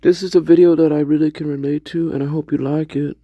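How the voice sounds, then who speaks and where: A man's voice: fairly high pitch, fairly even intonation, fast talker, muffled recording, a little hiss or hum. A man co-hosting a late-night livestream, laughing often, repeating himself and greeting viewers by name. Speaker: livestream co-host. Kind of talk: casual livestream chat.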